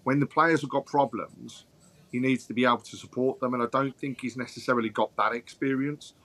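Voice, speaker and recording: Measured man explaining football opinions. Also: mid-range voice, steady tone, a bit bright. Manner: measured, explains his points at length. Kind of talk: casual football chat.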